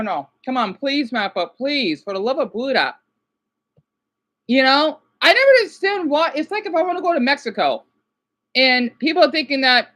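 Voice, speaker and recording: High, lively, frustrated woman ranting. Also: normal speed. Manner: frustrated, swearing, restless. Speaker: vlogger. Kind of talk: ranting casual vlog.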